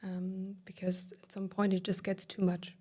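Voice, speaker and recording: A woman's voice: mid-range voice, normal speed, breathy edge. Candid woman guest retelling her story. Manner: animated retelling with quoted inner dialogue, filler-heavy. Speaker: podcast guest.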